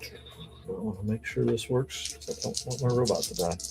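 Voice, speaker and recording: A man playing a tabletop role-playing game over a voice call. He talks haltingly, restarting sentences and filling them with uhs. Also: on the low side, vocal fry, darkish tone, soft background music. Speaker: player.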